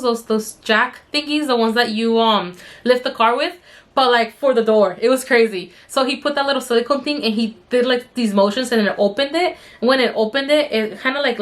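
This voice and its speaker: Woman, young adult, chatty storytime vlogger, rambling with lots of fillers, slightly high-pitched. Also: a bit bright. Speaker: beauty vlogger. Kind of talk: casual storytime while doing makeup.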